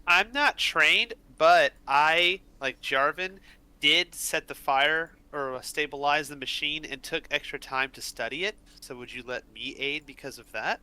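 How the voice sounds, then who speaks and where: A man's voice: on the high side, unhurried, sharp tone, clean tone. A man playing a tabletop game, arguing his case in an earnest, casual way. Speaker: player. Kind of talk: casual chat.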